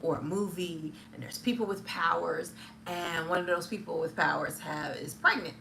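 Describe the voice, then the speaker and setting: A woman's voice: on the low side, normal speed, gravelly, sharp tone, a little hiss or hum. A woman hosting a casual movie review chat. She rambles in a friendly way, stumbles over her words and fills gaps with lots of ums. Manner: chatty, hesitant, many fillers, laughs often. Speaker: film reviewer.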